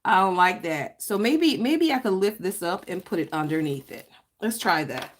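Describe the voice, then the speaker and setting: A chatty woman talks through her planner setup on a live stream and greets viewers by name as she works. She drawls some words and her voice swoops up high when she gets excited. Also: normal speed. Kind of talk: casual live-stream chat while crafting.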